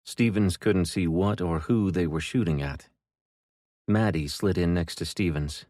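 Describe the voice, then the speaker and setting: A man reading an audiobook in a steady, even narration. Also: deep voice, unhurried, no echo, studio quality. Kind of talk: scripted narration.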